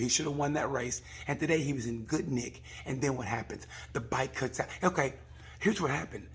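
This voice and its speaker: A man, a comedian, rambling through a casual comic review of a race, swearing and acting out people in quick asides. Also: mid-range voice, husky. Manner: rambling, profane, acts out voices in quick asides.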